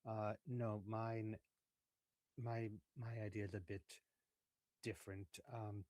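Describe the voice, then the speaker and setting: A man with a low voice plays in a tabletop role-playing game. He speaks in measured, somewhat formal phrases. The recording is close and dry. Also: level tone, darkish tone, no echo. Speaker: player.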